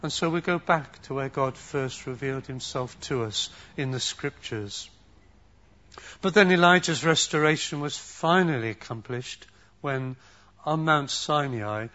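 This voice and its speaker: Gentle older man preaching, lo-fi. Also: mid-range voice. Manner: gentle, measured, repeats phrases for emphasis. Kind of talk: sermon. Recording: dull lo-fi recording.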